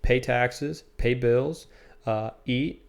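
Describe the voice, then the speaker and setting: A young man co-hosting a casual podcast, speaking at a middle pitch. He keeps it laid-back, drops dude often, and softens his points before making them. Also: very slow, vocal fry. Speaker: podcast co-host. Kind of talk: casual chat.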